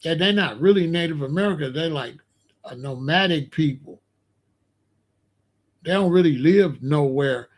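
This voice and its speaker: A man hosting a podcast, telling a story in a casual, animated and slangy way. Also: a little high. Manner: animated, slangy, explains with gestures. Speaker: podcast host.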